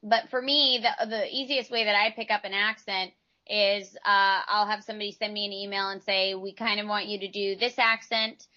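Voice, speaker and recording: A woman from Texas talks casually as an interview guest, a voice actress who rambles through her answers and restarts her sentences. Her voice is bright and forward. The recording sounds a little muffled and lo-fi. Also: medium pitch, flat delivery, moderate pace. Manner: chatty, rambling explanations with restarts.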